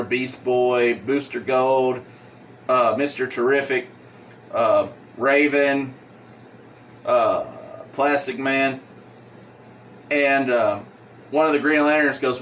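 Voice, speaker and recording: A man's voice: mid-range voice, steady tone, slow, pauses often, fairly bright tone, recorded from a distance, slight background noise. A man casually retelling a comic book plot as a reviewer, rambling with fillers.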